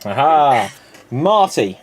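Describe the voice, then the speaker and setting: A man hosting a live improv comedy stream, telling quick joke setups and calling on players by name with easy chuckles. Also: medium pitch, big pitch swings, a crowd in the background. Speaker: improv show host.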